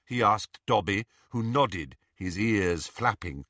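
A man narrating an audiobook in an expressive, measured way. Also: on the low side, dry recording, studio quality.

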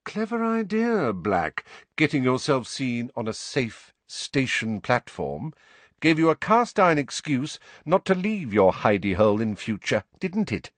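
A man voicing a cold, sneering male teacher who speaks silkily, slowly and softly, in a dry, close recording. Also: mid-range voice, very animated, no room sound, voice pushed up. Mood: soft menacing. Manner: silky, sneering, slow and soft.

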